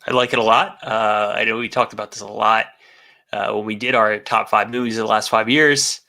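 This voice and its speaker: Jokey male podcast co-host with a gravelly, sharp-edged voice. His casual chat is full of filler pauses. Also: lowish voice, steady tone.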